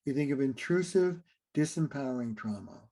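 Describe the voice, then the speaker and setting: A man's voice: mid-range voice, expressive, moderate pace, dark tone. A man, a relationship therapist, explaining ideas in an interview and acting out little scenes between partners.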